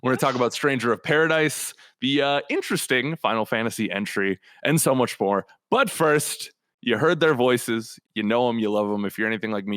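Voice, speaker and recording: A man's voice: mid-range voice, brisk, hardly any pauses, fairly bright tone, no echo. Upbeat man hosting a podcast, dry sound. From Minnesota. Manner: upbeat, jokey, announcer-like intros. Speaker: podcast host. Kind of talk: casual podcast chat.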